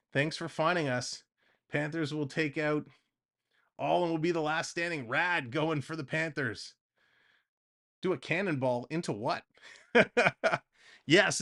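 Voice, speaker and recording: A man hosting a live hockey stream, calling the play-by-play and chatting with viewers in the comments. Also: on the high side. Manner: chatty, excitable, reads viewer comments between calls. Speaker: livestream play-by-play host. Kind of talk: live play-by-play and chat reading.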